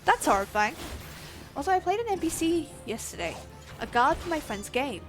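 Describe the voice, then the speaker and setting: A young Australian woman narrates her game in a loose, chatty livestream, swearing easily, laughing often and shouting at on-screen enemies. Her high, sing-song voice moves at a moderate pace over soft game music.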